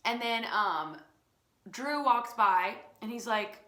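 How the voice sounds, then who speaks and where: A young woman teacher telling a family story to children, playful and animated, acting out the quoted lines. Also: on the high side, a little slow. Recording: echoey room.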